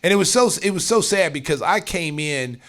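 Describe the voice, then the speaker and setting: A middle-aged man hosting a podcast, telling stories in a lively, casual way. He acts out what others said, with sudden jumps in pitch and loudness. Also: a little fast. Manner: animated, acts out quotes with big jumps in pitch and volume. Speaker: podcast host and former pro player.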